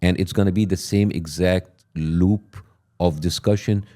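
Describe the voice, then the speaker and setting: A man's voice: deep voice, steady tone, a little slow, mellow. A man in a heated political discussion, pressing his point insistently and steering questions back to the big picture.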